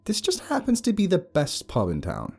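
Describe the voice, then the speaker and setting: A male narrator voicing a brash, teasing young woman who works as a tour guide, bossy and sharp-tongued. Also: sits high, huge pitch swings, normal speed, creaky, husky, pitched above the performer's own voice, heavily acted.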